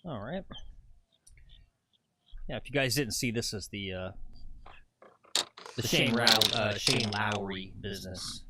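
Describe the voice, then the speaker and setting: A man's voice: fairly low pitch, measured pace, pauses often, heavy background noise. A man co-hosting a golf livestream, talking casually to viewers with hesitant fillers. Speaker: co-host running the livestream.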